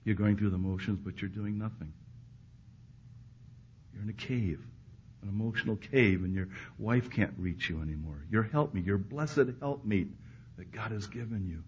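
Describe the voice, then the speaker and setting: A male preacher delivering a sermon to a live congregation, dropping to hushed, intimate lines and then rising to loud, emphatic ones. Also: lowish voice, normal speed. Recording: muffled recording with faint background hiss.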